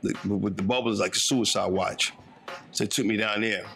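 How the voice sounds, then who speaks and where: A man in his fifties from northern New Jersey recounts his own life in a reflective, conversational first-person story, slipping in street slang and asking "you know what I'm saying." He speaks fairly quickly in a creaky, fairly bright, low-leaning voice with fairly even intonation, faint music behind.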